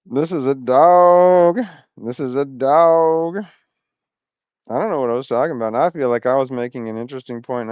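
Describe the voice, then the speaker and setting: A man's voice: mid-range voice, clean tone, dry recording, highs cut off. A man talking to camera in a rambling personal vlog, often losing his thread and swearing a lot. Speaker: vlogger.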